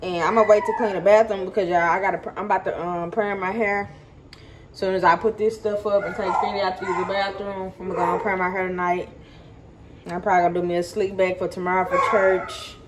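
A woman's voice: medium pitch, little pitch movement, fast talker. A woman vlogging at home in her kitchen, chatting casually to her viewers and repeating points for emphasis. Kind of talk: casual chat to camera. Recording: noisy home recording.

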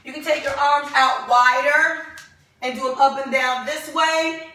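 A woman's voice: high-pitched, steady tone, a little slow, pushed and bright, very echoey, far from the mic. A woman leading a home fitness workout, counting reps aloud and cheering people on, often out of breath as she exercises. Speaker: fitness instructor. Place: home room with dogs.

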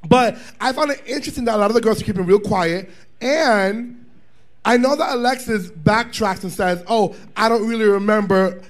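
High-voiced sassy man telling a story loudly. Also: moderate pace. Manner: sassy, loud, profane storytelling with laughs. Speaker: drag performer guest. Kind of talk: animated live panel chat. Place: bar viewing party.

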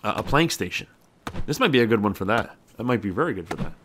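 Young male gamer, lively pitch, chatty self-talk, faint clicking behind. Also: fast talker, background noise. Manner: animated, talks to himself and the game character. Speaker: gameplay commentator. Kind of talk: let's play commentary.

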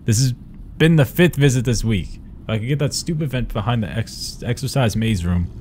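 A young man giving excitable let's-play commentary, swearing and yelling at the game as he plays. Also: mid-range voice, moderate pace, a little hiss or hum. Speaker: gaming YouTuber. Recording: game music playing behind.

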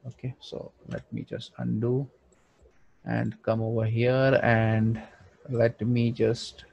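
A man's voice: medium pitch, level tone, slow, vocal fry, husky, dull audio. A man thinking aloud with frequent fillers as he narrates a screen-recorded design tutorial. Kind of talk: screen-recorded software walkthrough.

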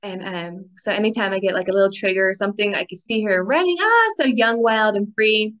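A woman's voice: medium pitch, brisk. Chatty woman host, laughing often. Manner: warm, laughing often, voices excited squeals when retelling; affectionate sign-offs and encouraging asides. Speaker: spiritual healing podcast host. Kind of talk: casual spiritual talk to listeners.

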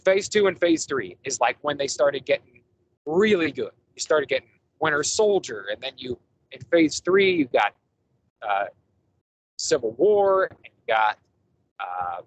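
A man's voice: on the high side, low-quality recording. A man hosting a casual podcast movie review, rambling enthusiastically with lots of fillers and restarts. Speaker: podcast host.

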